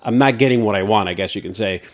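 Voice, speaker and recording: Animated man telling stories, laughing often. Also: lowish voice, fast. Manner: animated storyteller, laughs often, acts out reactions. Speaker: podcast co-host. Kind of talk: casual chat.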